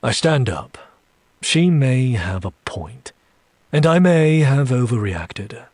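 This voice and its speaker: A man reading a first-person story aloud in an audiobook style, slow and deliberate, dropping low for menacing asides. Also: lively intonation, a little mellow, slightly rough, no echo, studio quality. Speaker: story reader.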